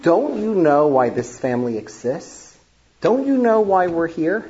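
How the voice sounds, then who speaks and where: A man's voice: fairly high pitch, sing-song, normal speed, a little mellow, dull audio. A man voicing a stern, grieving old grandfather in a story he tells. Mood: furious.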